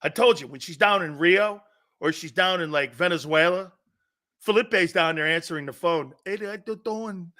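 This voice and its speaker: A brash, middle-aged man hosts a sports talk show, cracking profane jokes and laughing as he rambles. His voice sits fairly high for a man and sounds bright and sharp. He talks in a loose, rolling monologue. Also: normal speed.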